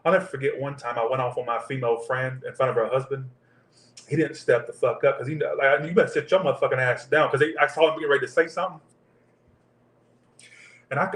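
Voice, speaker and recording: A man's voice: mid-range voice, steady tone, fast talker, fairly bright tone, roomy sound. A man giving a casual tarot reading, rambling off into profane tangents. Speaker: tarot reader.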